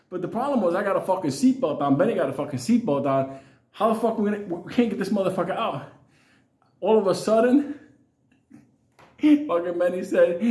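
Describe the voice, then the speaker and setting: Profane laughing New storyteller. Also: male voice, sits high, a little mellow. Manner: swears constantly, laughs through his lines. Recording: echoey room.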